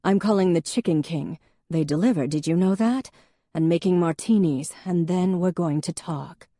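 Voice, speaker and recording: A woman's voice: fairly low pitch, normal speed, dark tone, no echo, clean studio sound, close to an everyday voice. A woman narrator voicing an elegant, witty older sister who speaks grandly. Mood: teasing. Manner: grand, teasing.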